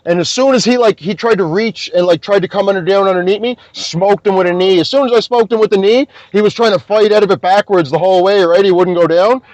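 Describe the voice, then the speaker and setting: A young man from Scotia, a podcast guest telling an animated story and swearing constantly. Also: sits high, fast, hardly any pauses, no room sound, highs cut off. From Nova Scotia, Canada. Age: young adult. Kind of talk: casual storytelling.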